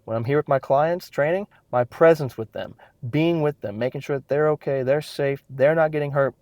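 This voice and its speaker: A man's voice: medium pitch, a little mellow, dry recording. A man in his thirties, a fitness trainer, talking intensely and bluntly to a podcast mic, swearing freely. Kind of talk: casual solo podcast monologue.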